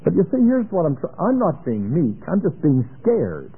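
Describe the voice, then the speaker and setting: Male preacher, sermon with anecdotes, slightly high pitch, narrow tinny sound. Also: moderate pace, husky. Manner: animated storytelling, plays out dialogue. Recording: tinny lo-fi phone-band recording.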